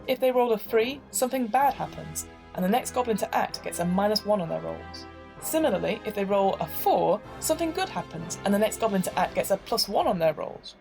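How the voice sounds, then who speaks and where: A woman reading out the rules of a tabletop game in a steady, explanatory way. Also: mid-range voice. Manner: steady, clear rule explanation.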